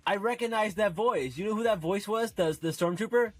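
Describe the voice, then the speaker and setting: A man's voice: sits high, fairly quick, no room sound, faint music behind. A man co-hosting a podcast, chatting with enthusiasm and lots of fillers like "like" and "you know". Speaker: podcast co-host. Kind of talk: casual chat.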